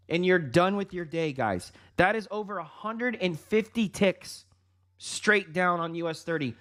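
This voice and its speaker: Excited man hyping a live trading stream. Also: on the high side. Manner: excited, hyped, laughs often; addresses viewers directly with "guys" and "folks". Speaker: livestream trading host. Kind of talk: live market commentary.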